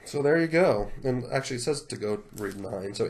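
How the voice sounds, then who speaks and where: A man hosting a video, reading scripture aloud in a solemn cadence and commenting on it in an animated, indignant way. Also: mid-range voice, fairly quick.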